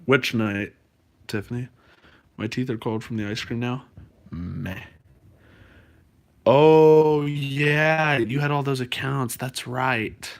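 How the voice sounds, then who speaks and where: A man's voice: mid-range voice, slow pace, long pauses. A man live-streaming from home, chatting loosely with his viewers and rambling through fillers and restarts. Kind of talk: casual live-stream chat.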